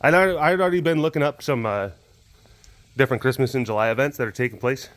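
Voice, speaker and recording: A man's voice: medium pitch, quick pace, dry recording. A young man chatting casually and rambling about his day as a podcast host. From Dallas-Fort Worth area, Texas. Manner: rambling, talks to pets in a soft voice. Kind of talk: casual chat.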